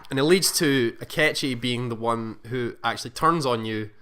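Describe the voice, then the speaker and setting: A man's voice: medium pitch, normal speed, fairly bright tone, smooth. A man co-hosting a casual podcast chat, rambling through a long story recap with frequent restarts and acted-out quotes. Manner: rambling, self-correcting, acts out quoted lines. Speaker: podcast co-host.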